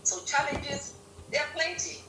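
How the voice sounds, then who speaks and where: A woman from Ghana, a guest on a live-stream interview, telling stories in an animated way and laughing often. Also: high voice, unhurried. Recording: roomy, distant mic with faint hum.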